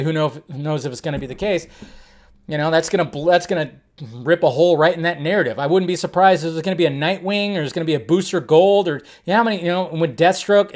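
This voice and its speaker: A young adult man talks through film news on his own livestream. His voice sits fairly high, and he rambles in a loose, joking, animated way, jumping between asides. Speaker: livestream host. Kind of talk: casual commentary livestream.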